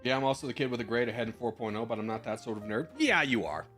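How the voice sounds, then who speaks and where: A man in his twenties streams and chats loosely, handing out rambling advice full of slang and the odd swear. His voice sits at an ordinary middle pitch, and faint music plays softly behind him. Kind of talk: casual chat, answering viewer messages.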